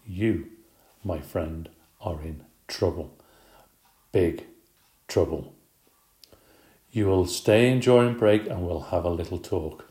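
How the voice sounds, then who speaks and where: A firm, measured schoolteacher, stern yet kind beneath it, speaks from a storybook , voiced by a man reading aloud. Her voice sits a touch low. The reading rings in an echoey room. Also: dark tone, lightly acted. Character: stern but kind middle-aged female teacher.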